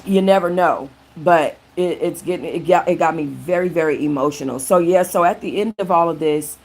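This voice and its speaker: On the low side and a little mellow, this woman talks fairly quickly while hosting a casual book chat live stream. Chatty by nature, she frequently restarts sentences and thanks viewers in the middle of them.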